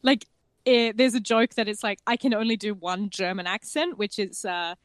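A woman co-hosting a tabletop game podcast in casual chat, animated and laughing often. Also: medium pitch, moderate pace, no room sound, clean studio sound. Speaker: podcast co-host and game master.

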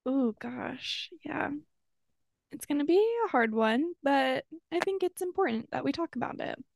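Young woman, bright and bubbly, slight vocal fry, close dry mic, podcast co-host. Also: sits high, lively intonation, unhurried, a little hiss or hum. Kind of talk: casual chat.

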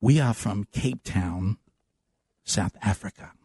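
A man voicing a calm, polite visitor from abroad who speaks slowly and formally. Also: lowish voice, husky, no echo, voice pushed down, heavily acted.

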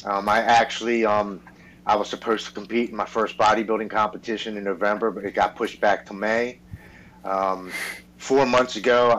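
A man's voice: fairly low pitch, fairly bright tone, slight background noise, low-quality recording. A man in his forties, a podcast guest telling his story earnestly in casual conversation, often restarting his words.

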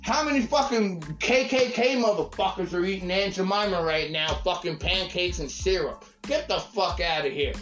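A man's voice: sits high, moderate pace, few pauses, fairly bright tone, roomy sound, faint music behind. A man ranting heatedly in casual talk, swearing a lot and repeating himself. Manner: profane, fired-up, repeats himself.

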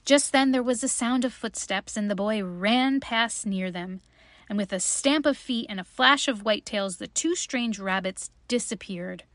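A woman reading a children's story aloud in a gentle, unhurried way. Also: on the high side, dry recording.

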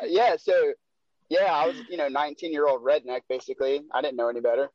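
A man's voice: fairly high pitch, animated, a little fast, darkish tone, no room sound. A laid-back man talks casually on a podcast, rambling and leaning on fillers. His voice sounds slightly muffled and dry, close to the mic. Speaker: podcast guest, door-to-door salesman. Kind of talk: casual chat.

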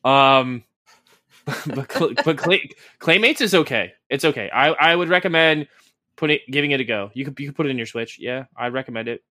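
A man's voice: mid-range voice, normal speed, sharp tone, dry recording, clean studio sound. A man co-hosting a casual podcast, rambling along with plenty of swearing and sarcasm. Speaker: podcast co-host.

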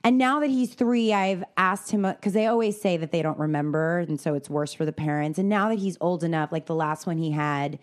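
A woman's voice: on the low side, fairly quick, few pauses. A mother chatting casually with friends, acting out the lines she quotes with lots of expression. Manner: expressive, acts out quotes vividly. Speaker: mother and guest. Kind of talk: casual chat among friends.

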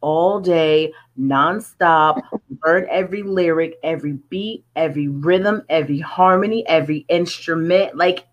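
A woman's voice: sits low, unhurried, muffled recording. A woman who is a music artist, talking in an earnest, chatty way with many fillers in a casual interview.

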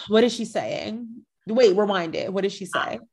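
Animated woman podcast host. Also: medium pitch, unhurried. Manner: animated, playfully shady, acts out reactions. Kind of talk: casual chat.

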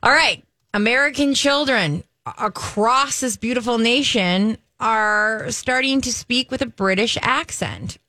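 A woman's voice: fairly high pitch, measured pace, pushed and bright, dry recording. A woman co-hosting a radio show, chatty and playful as she shares light news items. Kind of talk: casual morning show banter.

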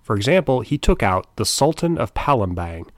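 A man's voice: medium pitch, sing-song, normal speed, no echo. A middle-aged man hosting a history podcast, narrating in a scripted but informal storytelling tone with wry asides.

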